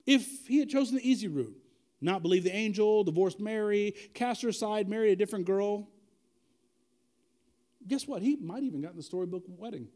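Casting: male pastor, high and expressive, mellow tone, chatty sermon full of slang and direct questions. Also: brisk. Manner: animated and conversational, with slang and direct questions to the congregation.

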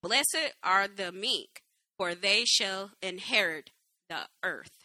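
A woman reading a scripture passage aloud in a slow, measured way. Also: medium pitch, expressive, bright, forceful tone, no echo.

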